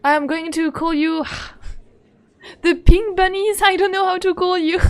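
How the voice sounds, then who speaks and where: A woman's voice: extremely high pitch, animated, takes it slowly, pauses often. A woman streaming a game in casual, playful chat, speaking English as a second language and giggling often as she greets her viewers.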